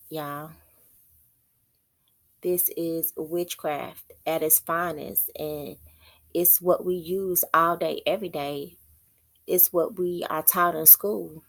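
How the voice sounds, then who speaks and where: A woman giving an informal religious teaching, halting and repeating words as she thinks aloud. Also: low-pitched, fairly even intonation, a bit bright. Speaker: prophetess.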